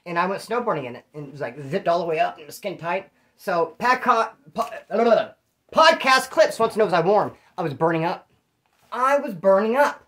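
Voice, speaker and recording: With a high, fairly bright voice and lively intonation, a man from California speaks briskly as he answers viewer questions. He's a former prisoner who tells stories in casual slang and curses, acting out other people's lines.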